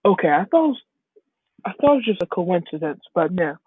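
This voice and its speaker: A woman's voice: lowish voice, big pitch swings, brisk, husky, dry recording. A woman voicing a nervous, eager teenage boy hero who rambles when flustered, over a tinny phone-like line. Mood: baffled.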